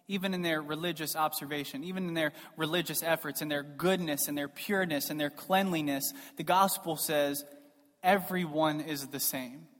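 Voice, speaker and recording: A man preaching a sermon in a church, emphatic and rhetorical, swinging between loud stresses and soft asides. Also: a little high. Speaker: pastor. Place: church sanctuary. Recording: long reverb of a large hall.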